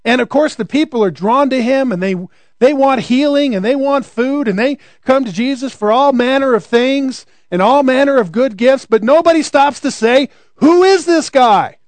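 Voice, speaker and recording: A man's voice: very high-pitched, moderate pace, no room sound. A man preaching a conversational sermon, often asking rhetorical questions.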